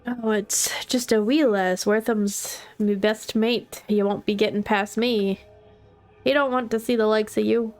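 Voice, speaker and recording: Big grumpy game guy with a fake irish brogue, slow and gruff, a woman putting it on. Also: medium pitch, steady tone, natural voice. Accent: put-on Irish-style brogue. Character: huge gruff man with a brogue.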